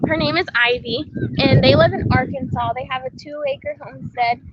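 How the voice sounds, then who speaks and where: A woman's voice: high voice, very animated, normal speed, gravelly, lo-fi sound, heavy background noise. A woman chatting casually on a livestream, reading viewer comments, rambling with frequent laughs. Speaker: homesteading vlogger on a livestream.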